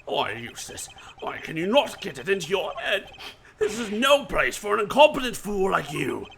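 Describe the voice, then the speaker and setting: Brief: scheming older male prosecutor, condescending and mannered, dropped lower than the player's own voice. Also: sing-song, normal speed, creaky, fairly bright tone, slight background noise, full character voice. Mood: scolding.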